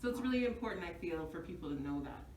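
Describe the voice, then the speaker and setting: A woman's voice: lowish voice, expressive, fast, darkish tone, recorded from a distance, a little hiss or hum. A woman teaching laughter yoga, cheerfully guiding exercises with rhythmic ho-ho-ha-ha laughing. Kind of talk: leading laughter exercises and being interviewed. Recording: echoey room, voice from off-mic.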